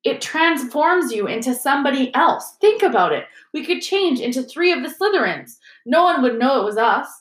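A woman's voice: high voice, animated, normal speed, hardly any pauses, voice pushed up. A woman voicing a clever, cautious teenage schoolgirl who talks earnestly, in an echoey room. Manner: earnest, careful.

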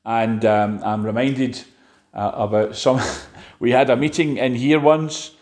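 A man preaching a sermon, halting and restarting often and asking the congregation rhetorical questions. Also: mid-range voice, fairly even intonation, darkish tone, reverberant. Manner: halting, with frequent fillers and restarts.

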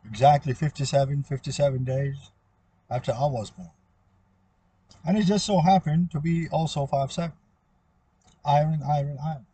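Male speaker, husky and dark in tone, meandering solo monologue, circles back on itself. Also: fairly high pitch, normal speed, long pauses. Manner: meandering, repetitive, trails off. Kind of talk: rambling spoken monologue.

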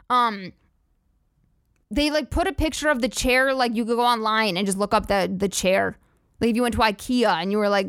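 A woman's voice: fairly high pitch, a bit bright, no room sound, studio quality. A young woman hosting a podcast, ranting casually with sarcastic, profane, rambling asides. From United States. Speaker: podcast host. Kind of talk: casual comedic rant.

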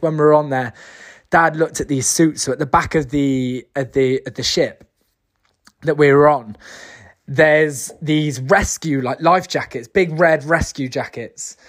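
A man from the UK, talking casually and enthusiastically as he tells a personal story and turns it into a motivational message, with lots of fillers and restarts. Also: fairly high pitch. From United Kingdom. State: briefly emotional. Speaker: motivational speaker.

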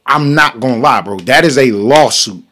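A podcast host with a medium-pitched voice tells a profane story at a normal speed, casual and animated, jumping between loud bursts and hushed asides.

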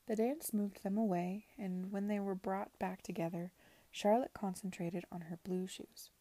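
A woman reading a novel aloud softly in a whispered reading. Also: mid-range voice, steady tone, moderate pace, no room sound. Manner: soft, hushed narration. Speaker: reader.

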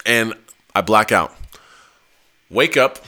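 A man's voice: lowish voice, slow pace. A man on a podcast telling a long, laughing, profanity-filled story in a casual way. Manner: animated, swears a lot, laughs while telling. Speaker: podcast host.

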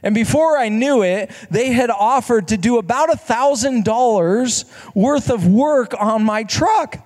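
A man's voice: very high-pitched, lively intonation, measured pace, a little mellow. A man telling a story from the pulpit in a chatty, conversational way, often restarting his sentences and tossing in asides to the listeners. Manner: conversational, self-correcting, rhetorical asides. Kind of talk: storytelling sermon. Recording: long reverb of a large hall.

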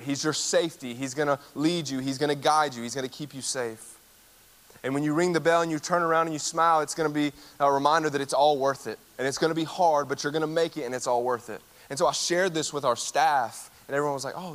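A man, preaching a sermon and telling a personal story in a conversational, animated way. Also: on the high side, fast. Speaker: campus ministry speaker. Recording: long hall reverb.

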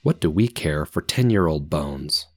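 A man's voice: extremely low pitch, expressive, unhurried, soft background music, full character voice. A man voicing a hostile pack of young wolves, snarling and jeering.

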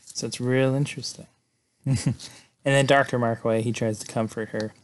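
A man's voice: medium pitch, steady tone, moderate pace. A man casually retelling a film's plot in a loose, rambling way, leaning on fillers like "you know" and "like". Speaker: film recap host.

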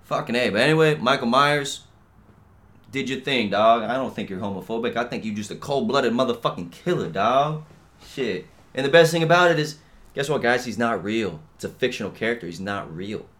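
Talking fairly quickly and with plenty of animation, a young man rants by himself on his podcast. The casual monologue is profane and meandering, full of "dude" and "bro," and lurches between muttering and loud outbursts.

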